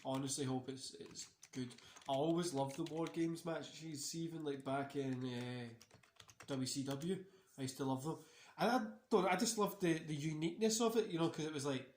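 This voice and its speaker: A man's voice: fairly high pitch, normal speed, a little mellow, slight background noise. A tired man hosting a casual wrestling watch-along, rambling and swearing freely between many fillers. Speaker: host. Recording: roomy echo.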